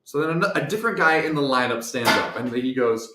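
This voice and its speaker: A young man tells a personal story with plenty of energy. He acts out every voice in it, drops to soft asides and builds to full shouts. The room is echoey. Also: mid-range voice, animated, fast talker, heavy background noise. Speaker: guest storyteller.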